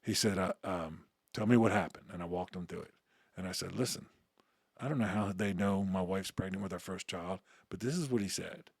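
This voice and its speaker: Middle-aged guy spinning a story, lowish voice, acts out all the lines, swears a lot, dry close sound. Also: fairly quick, gravelly, slightly rough, no room sound. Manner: animated storyteller, acts out quoted dialogue, casual cussing. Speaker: interview guest. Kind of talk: storytelling in a podcast interview.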